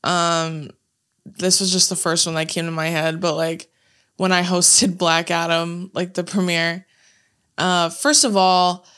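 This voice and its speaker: A woman's voice: on the low side, level tone, a little slow, a bit bright, clean tone. A young woman co-hosting a podcast in casual chat, swearing freely and laughing often. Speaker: podcast co-host.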